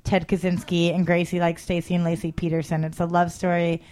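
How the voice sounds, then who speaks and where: A woman's voice: fairly low pitch, completely flat delivery, brisk, darkish tone. A woman comedian as a guest in a casual interview, rambling and self-deprecating about her jokes.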